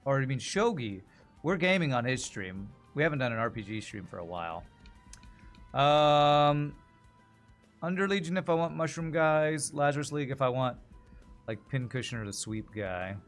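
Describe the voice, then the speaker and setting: A man's voice: medium pitch, big pitch swings, normal speed, soft background music. A man streaming a card game, chatting casually and thinking aloud about his moves. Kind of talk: casual gameplay commentary.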